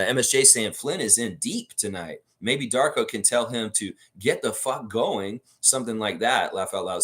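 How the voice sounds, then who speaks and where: A man's voice: on the low side, fairly bright tone. A man hosting a live fan stream, reading chat aloud and talking casually, swearing often and repeating himself. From Canada. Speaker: fan show host.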